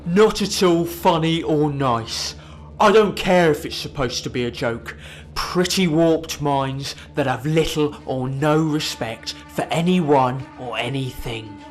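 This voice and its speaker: A man putting on a loud, outraged online commenter. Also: a little high, takes it slowly, soft background music. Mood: indignant. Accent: attempted Birmingham. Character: outraged indignant Facebook commenters, adult.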